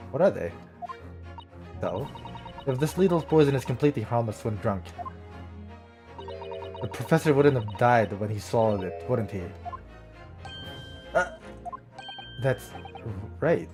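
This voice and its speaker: A man streaming a courtroom game, reading every character's lines aloud with excitable reactions of his own. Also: mid-range voice, moderate pace, long pauses, faint music behind. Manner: switches between character voices, excitable reactions. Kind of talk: voicing all characters in a game playthrough.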